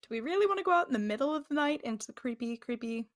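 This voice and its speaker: A woman's voice: high voice, lively intonation, very fast. A woman playing a tabletop game, joking crudely and laughing often. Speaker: player. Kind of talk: casual game chat.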